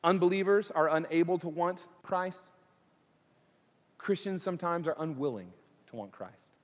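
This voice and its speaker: A man's voice: on the high side, normal speed. Preaching man with a ringing church echo. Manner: earnest preaching with rising intensity and repeated phrases. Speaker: pastor. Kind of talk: sermon. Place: church sanctuary. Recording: long church reverb.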